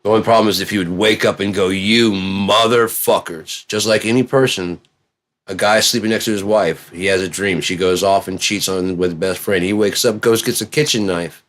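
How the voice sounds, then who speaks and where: A man in a profane, rambling monologue that swings between low mutters and excited yelling. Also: fairly quick.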